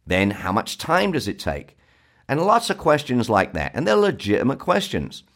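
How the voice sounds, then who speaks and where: A man's voice: mid-range voice, huge pitch swings, normal speed, a bit bright. A man with a South London accent giving a persuasive talk, firing off rhetorical questions and stressing key points. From South London, England. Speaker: success program presenter.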